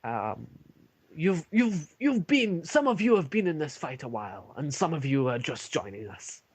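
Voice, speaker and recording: A man voicing a stern male dwarf commander who gives booming, drawn-out orders. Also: very animated, breathy edge. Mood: commanding. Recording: lo-fi online call.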